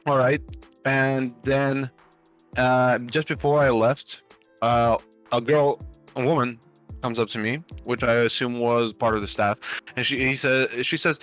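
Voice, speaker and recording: A man in the middle of a pitch range spins a long, rambling anecdote for a live stream, stumbling through fillers and restarts. He swears casually as he goes. Faint music plays softly in the background. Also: fairly even intonation, a little slow. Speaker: stream host.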